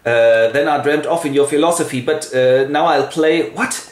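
A man's voice: fairly high pitch, steady tone, normal speed, voice pushed up, natural voice. A man voicing a moody young student prince who grumbles and mutters, recorded in an echoey room. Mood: eager.

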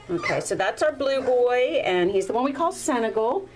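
A woman breeder talking casually while filming her puppies one-handed indoors, now and then cooing at them in a high baby-talk voice. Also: expressive, normal speed, low-quality recording. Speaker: dog breeder. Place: indoors at a puppy litter area. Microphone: handheld camera, filming one-handed.

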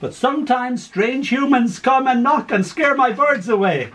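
A man voicing a confused, plaintive elderly woman in a care home, in a high quavering voice. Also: moderate pace, fairly bright tone. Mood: puzzled.

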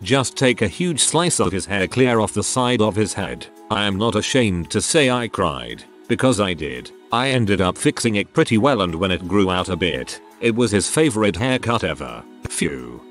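A man with a low voice reads internet stories aloud, his pitch rising and falling freely as he goes. He slips wry comments in between the tales, while soft music plays faintly underneath. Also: very animated, moderate pace, hardly any pauses. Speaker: narrator.

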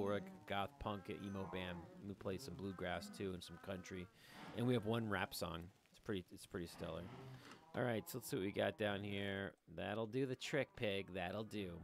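A man's voice: mid-range voice, creaky, a little hiss or hum. A middle-aged man giving casual, rambling let's-play commentary from a room at home, joking and talking to his viewers as he plays. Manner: rambling, jokey, talks to viewers while playing. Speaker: gaming video host.

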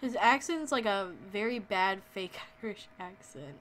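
A woman's voice: medium pitch, measured pace, fairly bright tone, a little hiss or hum. Playful woman gamer commenting. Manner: playful, sarcastic, reads dialogue options aloud. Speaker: let's play gamer. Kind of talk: casual gameplay commentary.

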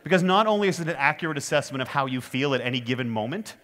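A man giving a keynote talk, telling a story with self-deprecating humor and lively comic timing. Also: medium pitch, rapid-fire. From Canada. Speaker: keynote speaker.

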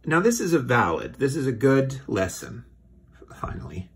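A man's voice: medium pitch, very animated, moderate pace, creaky. A man hosting a comedy show, reading a children's book aloud with dry, sardonic asides.

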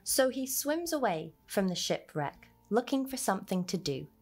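A woman reading a children's picture book aloud in an expressive storyteller's voice. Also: mid-range voice, normal speed, husky, soft background music.

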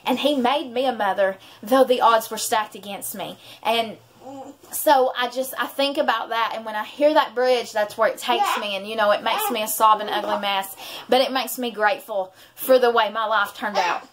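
On her vlog, a mother in her thirties tells a heartfelt, rambling story about her faith as an emotional personal testimony. Her voice sits a little high and moves at a moderate pace.

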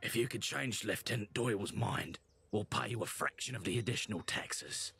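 Hushed, gravelly villager. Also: male voice, fairly low pitch, normal speed, faint music behind, exaggerated voice. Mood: solemn. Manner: hushed half-whispered delivery. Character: serene naked male villager, peace-loving, fussy. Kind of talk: video game voice acting.

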